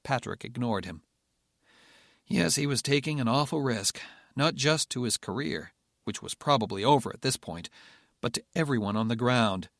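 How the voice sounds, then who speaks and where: A man reads a thriller audiobook in steady, measured narration. His voice sits in an ordinary middle register. The close mic gives a dry, roomless sound. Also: mid-range voice, vocal fry, no room sound. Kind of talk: scripted narration.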